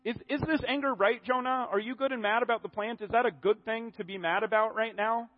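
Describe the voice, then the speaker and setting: A man preaching a sermon in a conversational, animated way, often restarting his sentences. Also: very high-pitched, fairly quick, phone-quality sound.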